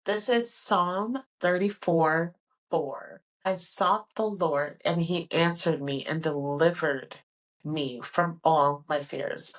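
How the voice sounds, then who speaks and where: A woman's voice: low-pitched, takes it slowly, distant mic, rough recording. Candid young woman telling her story. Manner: candid and animated, acting out dialogue. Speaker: podcast host. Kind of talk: personal storytelling.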